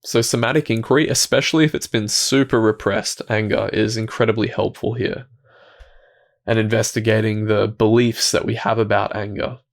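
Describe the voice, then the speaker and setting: A man with a fairly low voice talks to camera about inner work in a calm, unhurried way. His delivery is gentle and thoughtful, and his sentences often trail off and restart. Now and then he sinks into soft, quiet asides. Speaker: self-help video host. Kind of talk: reflective talk to camera.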